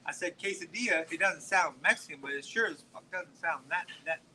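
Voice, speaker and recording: A man's voice: on the high side, fairly quick, bright, forceful tone, a little hiss or hum, poor audio. A man in his forties from Texas, telling stories in casual, profane podcast chat at a restaurant. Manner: profane, rambling storyteller full of "like". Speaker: podcast host.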